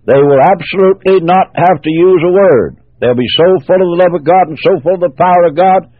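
A man preaching a sermon, slow and drawn out, repeating his phrases. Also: high-pitched, no echo, narrow, tinny audio.

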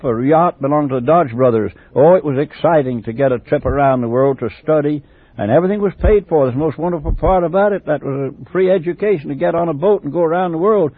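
A man's voice: on the high side, no room sound. An older man from England recounts his life for a home memoir tape, drifting off on tangents and circling back. The recording is dry and tinny, like a thin old cassette. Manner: rambling, digressive storytelling with restarts.

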